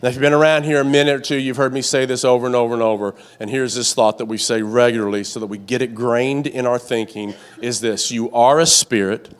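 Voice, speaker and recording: A man's voice: medium pitch, steady tone, fast, few pauses. A male pastor preaching a sermon to a congregation in a church, with a repetitive cadence, call-and-response prompts and stammering restarts when worked up. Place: church sanctuary with live and online congregation.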